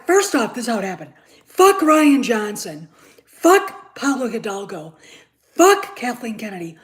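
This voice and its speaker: A woman hosting her own show, ranting in anger, swearing freely, stammering and repeating herself, dropping from shouts to muttered asides. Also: on the high side. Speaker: show host. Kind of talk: angry ranting commentary.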